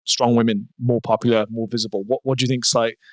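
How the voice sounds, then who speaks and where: Man, podcast host, quick rambling enthusiastic talk, dry close sound. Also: mid-range voice, little pitch movement, darkish tone, dry recording. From Wales. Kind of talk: casual podcast chat.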